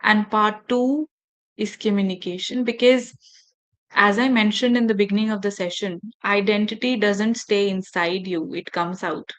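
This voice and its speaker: A woman's voice: medium pitch, steady tone, moderate pace. A woman trainer leading an online workshop for teachers over a video call, engaging and often asking the audience questions. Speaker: faculty development trainer.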